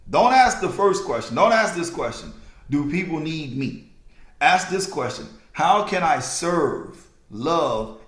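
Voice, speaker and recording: A man with a fairly high voice speaks with an unhurried, deliberate pace, like a preacher driving his message home. He repeats his key lines slowly so they land. The sound has a noticeable echo from the room around him. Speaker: podcast host. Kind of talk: motivational podcast talk. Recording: echoey room.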